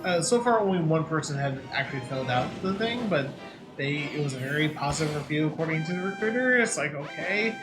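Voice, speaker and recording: A man's voice: fairly high pitch, animated, brisk. Rambling man chatting over game music. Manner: rambling, hesitant, many fillers. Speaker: co-streamer giving game tips. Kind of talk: casual chat.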